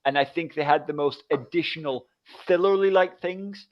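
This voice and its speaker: Man, forties, co-host; animated anecdote teller, slightly high voice, muffled recording. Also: moderate pace. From United Kingdom. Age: 40s. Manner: animated storyteller, acts out quoted voices. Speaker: podcast co-host. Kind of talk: casual chat. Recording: dull lo-fi audio.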